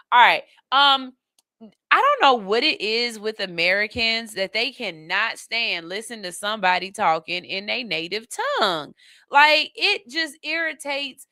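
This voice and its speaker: A woman talks on a radio show in a bright, forceful voice. The sound is dry and close. She chats casually, playful and animated, then turns firm and reasoned. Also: fairly high pitch, no room sound. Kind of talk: casual opinion talk.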